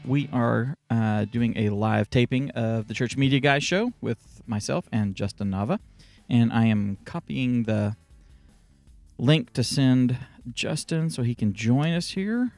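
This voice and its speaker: A man's voice: mid-range voice, expressive, unhurried, creaky, darkish tone, no room sound, soft background music. A man hosting a casual live stream show, playful and joking while he sets things up. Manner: playful, jokey, multitasking. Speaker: show host.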